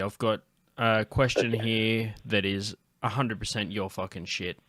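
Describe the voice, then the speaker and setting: A man's voice: lowish voice, fairly even intonation, a little slow, a bit bright, dry recording, studio quality. A young Australian man hosting a comedy podcast, chatting casually in a crude, rambling way with a lot of swearing. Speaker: podcast host.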